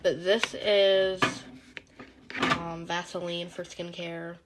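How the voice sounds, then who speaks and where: A woman's voice: fairly low pitch, level tone, slow pace, heavy background noise. A young woman, chatting casually while showing off her Christmas gifts, her voice a little worn from being sick. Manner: chatty, rambling, giggly. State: partly lost voice from being sick. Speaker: vlogger. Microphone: handheld phone, no tripod.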